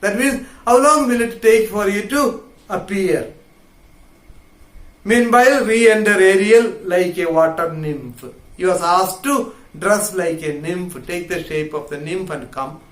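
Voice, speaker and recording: A man teaches a literature class, unpacking a play word by word. He speaks slowly and repeats phrases for his students. The room around him echoes noticeably. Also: sits high. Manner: explains each word slowly, repeating phrases, reads quoted lines louder. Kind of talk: classroom lecture explaining a play line by line.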